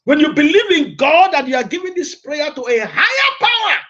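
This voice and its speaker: Emphatic, high-voiced male radio preacher. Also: very animated, a little fast, bright, forceful tone, highs cut off. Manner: emphatic, repetitive, exhorting. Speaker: radio host and motivational preacher. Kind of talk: preaching broadcast.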